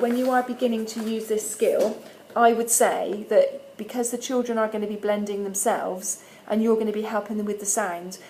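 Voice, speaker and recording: A woman, a primary school teacher giving parents a friendly instructional video, patiently sounding out letters slowly and clearly. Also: mid-range voice, dark tone, a little hiss or hum, low-quality recording.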